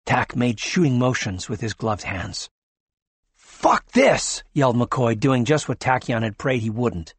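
Husky guy reading an audiobook, steady, dry studio sound. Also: medium pitch, moderate pace, hardly any pauses, dry recording. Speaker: audiobook narrator. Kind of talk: scripted narration.

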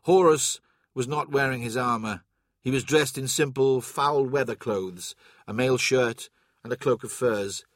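A man narrating an audiobook in a steady, even storytelling manner. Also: mid-range voice, unhurried, no echo, clean studio sound. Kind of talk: scripted narration.

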